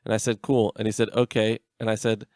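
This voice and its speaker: A man's voice: on the low side, level tone, fast, darkish tone, dry recording, studio quality. A man co-hosting a casual podcast, telling an online argument story with laughs and swearing. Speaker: podcast co-host. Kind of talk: casual chat.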